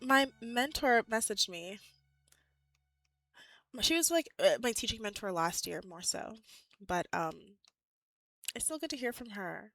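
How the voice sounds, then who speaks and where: A young woman in her twenties chatting casually with her live chat as a streamer, animated and full of "like"s and laughs, a bit out of breath. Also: fairly high pitch, measured pace, long pauses, dry recording, faint music behind.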